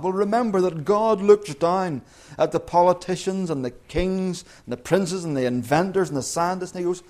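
A man preaching a sermon who tells the story lively and with humour, acting out little voices. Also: sits high, moderate pace.

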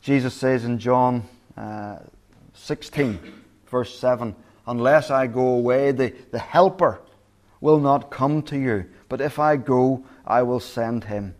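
An earnest male pastor preaching to his congregation. His pitch sits in a middle range, and he often stumbles and restarts mid-phrase as he quotes what God says. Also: takes it slowly. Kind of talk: sermon.

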